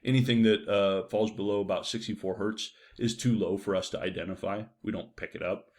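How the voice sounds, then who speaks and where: Chatty male lecturer, low voice. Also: fairly even intonation, brisk, darkish tone. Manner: loose and conversational, many fillers and "right?" checks. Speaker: psychology lecturer. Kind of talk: recorded university lecture.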